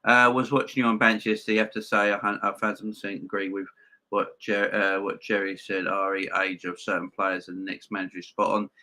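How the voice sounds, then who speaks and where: Male streamer, lowish and sharp-toned, emphatic and repetitive, chatty with viewers. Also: flat delivery, fairly quick. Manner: emphatic, repeats himself, addresses viewers as guys. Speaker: host of a football fan channel. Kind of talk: live-stream chat reading viewer comments.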